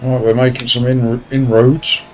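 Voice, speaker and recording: A man's voice: medium pitch, little pitch movement, moderate pace, poor audio. A man with a Portsmouth accent chatting casually with his viewers while racing, joking dryly and bantering. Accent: Portsmouth English. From Portsmouth, England. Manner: dry, joking banter with chat. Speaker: sim racing streamer. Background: faint car engine noise.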